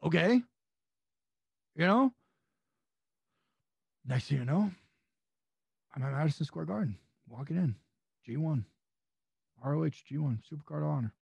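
A man's voice: a little high, lively intonation, measured pace, vocal fry, pauses often, slightly rough, dry recording, muffled recording. A man from California on a podcast, telling rambling, profane anecdotes in a casual chat. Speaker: wrestling guest.

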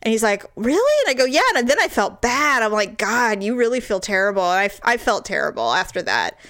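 A woman's voice: mid-range voice, animated, quick pace, fairly bright tone, no room sound, clean studio sound. A middle-aged woman telling a story in casual chat, acting out the quotes and laughing often.

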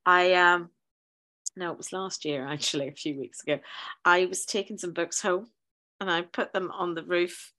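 A woman's voice: lowish voice, fairly even intonation, normal speed, pushed and bright. A middle-aged woman, a teacher telling funny stories in a casual chat, acting out quoted voices. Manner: chatty storyteller, laughs often, acts out quoted voices. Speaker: guest teacher.

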